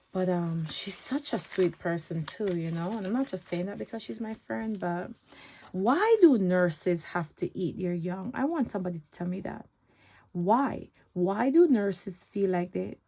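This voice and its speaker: A woman vlogging about her budget, counting cash out loud and talking back with sass. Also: medium pitch, gravelly, a little hiss or hum, poor audio. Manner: sassy, talks back to herself, counts money aloud. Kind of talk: casual chat while counting cash.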